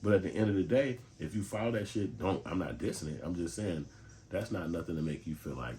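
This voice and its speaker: A man from talks in a low, deep voice, delivering blunt, streetwise commentary full of profanity. A quiet hiss sits faintly under his voice. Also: expressive, brisk. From Chicago. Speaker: commentary channel host.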